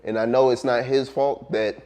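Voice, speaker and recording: A man, a music producer speaking as an interview guest, talking in a relaxed, reflective way with frequent ums and trailing pauses. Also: mid-range voice. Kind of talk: casual interview conversation.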